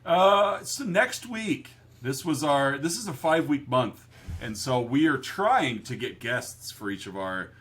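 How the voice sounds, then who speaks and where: A man's voice: medium pitch, lively intonation, a little slow, a bit bright, husky. A man co-hosting a podcast in casual chat, laughing often and quoting movies. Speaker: podcast co-host.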